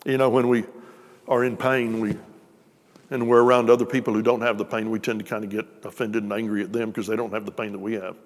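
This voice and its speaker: A man's voice: fairly low pitch, flat delivery, fast. A man preaching a sermon to a congregation, talking conversationally and joking with them. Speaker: pastor. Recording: long reverb of a church hall.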